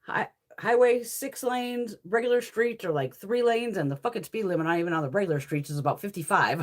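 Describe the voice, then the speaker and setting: A woman's voice: mid-range voice, brisk. A woman chatting casually while swatching makeup, profane, laughing often and answering viewers' comments. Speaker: beauty haul host.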